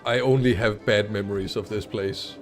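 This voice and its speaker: A man's voice: fairly low pitch, steady tone, moderate pace. A man streaming a game, talking casually with sarcastic, muttered asides. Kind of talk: casual gameplay commentary. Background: game music.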